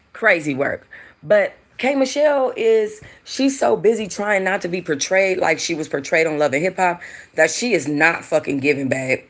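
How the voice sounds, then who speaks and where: A woman hosting casual gossip commentary about reality TV, chatty, animated and profane. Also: on the low side. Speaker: host.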